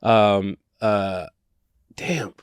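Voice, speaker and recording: A man's voice: on the low side, fairly even intonation, extremely slow, clean tone, no echo. A man who works as an actor, chatting as a guest in a laid-back, rambling way. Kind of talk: casual interview chat.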